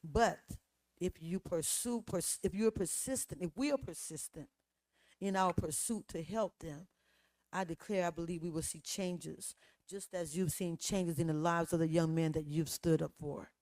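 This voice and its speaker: A woman's voice: on the low side, moderate pace, a little mellow, dry recording. A woman hosting a podcast interview, speaking emphatically in a preachy, declaring cadence. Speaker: podcast host.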